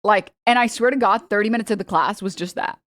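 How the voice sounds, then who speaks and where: A young woman streamer giving casual, joking reaction commentary, chatty and quick to laugh. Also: mid-range voice, a bit bright, no room sound.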